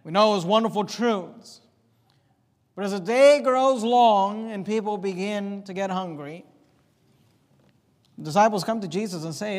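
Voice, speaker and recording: High-voiced preacher in an echoing hall. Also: male voice, normal speed. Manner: emphatic preaching, acts out the disciples' complaints. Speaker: pastor. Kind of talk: sermon. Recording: reverberant hall.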